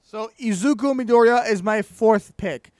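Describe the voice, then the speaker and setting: A man's voice: high-pitched, moderate pace, a little mellow, no echo, studio quality. A young man hosting a casual podcast chat, rambling and stumbling over his words with lots of fillers. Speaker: podcast host.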